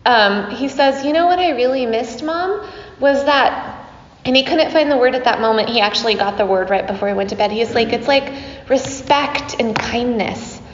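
A woman's voice: fairly high pitch, slight background noise. A middle-aged woman, a yoga teacher, giving a chatty dharma talk to her class, laughing often and using many fillers. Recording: dull echoey hall recording.

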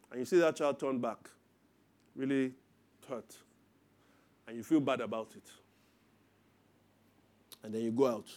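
A man in his thirties preaching a sermon as pastor, lively and acting out parents and children in quoted voices. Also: on the high side.

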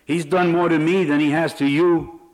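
A man's voice: mid-range voice, sing-song, slow pace, slightly rough, heavily acted. A man voicing an angry, vengeful male prisoner who speaks heatedly.

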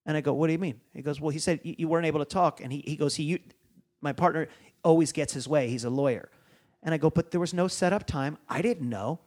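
A man with a slightly high voice tells a long story as a guest on a podcast. He is a comedian and acts out the other people's lines as he goes. He swears freely. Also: fast, darkish tone. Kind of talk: animated storytelling.

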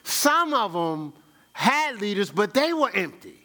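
A man preaching a sermon in a folksy, conversational way, voice swinging high for emphasis and low for asides, with chuckles and repeated words. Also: very animated, unhurried, sharp tone. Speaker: pastor.

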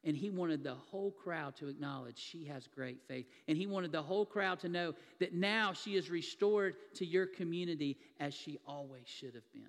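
High-voiced preacher in a reverberant hall. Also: male voice. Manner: vivid storytelling, retelling a scripture scene. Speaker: pastor. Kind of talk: sermon.

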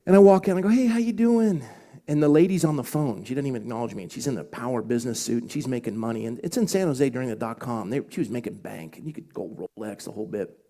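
A male pastor telling a personal story in a sermon, confessional and animated, acting out the other people's voices as he goes. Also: mid-range voice, fast, few pauses.

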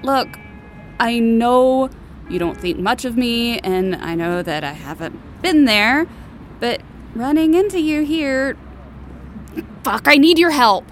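A woman's voice: a little high, lively intonation, a little hiss or hum. A woman doing a jittery, evasive demon mother. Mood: nervous. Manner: hesitant, halting, evasive.

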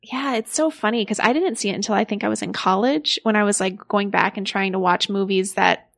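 A woman in her thirties co-hosting a casual film podcast, friendly and quick with asides. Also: mid-range voice, vocal fry. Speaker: podcast co-host.

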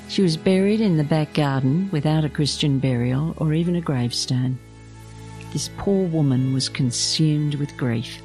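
A woman, an abbess, reading a scripted spiritual reflection in a gentle, measured storytelling manner. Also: low-pitched. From Australia.

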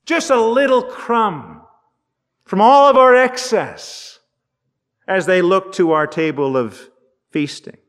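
A male pastor preaching slowly, with a high, light voice and long pauses. He leans hard on key phrases and lets them ring out through a church with a long echo. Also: fairly bright tone. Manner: measured, emphatic with dramatic pauses. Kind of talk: sermon.

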